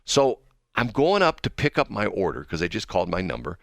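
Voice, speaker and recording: A man's voice: low-pitched, huge pitch swings, brisk, gravelly, no echo, studio quality. A man hosting a radio talk show, telling a rambling story with chuckles and self-deprecating asides. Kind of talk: casual storytelling chat.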